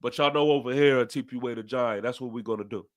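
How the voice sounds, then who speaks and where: A young man with a New York accent hosts a fan podcast and rants after a loss. His voice sits in the mid range and he talks fast, hammering his points and repeating phrases.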